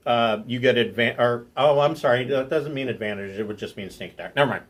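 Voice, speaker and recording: A man's voice: mid-range voice, a little fast. A man running a tabletop role-playing game as game master, casual and prone to correcting himself. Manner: casual, stumbling, laughs easily.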